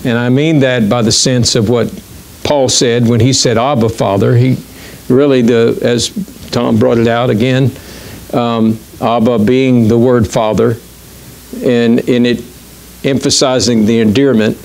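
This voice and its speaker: A middle-aged man preaching a sermon as pastor in a church, talking conversationally and haltingly with many fillers and restarts. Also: mid-range voice, fairly even intonation, gravelly, a little mellow.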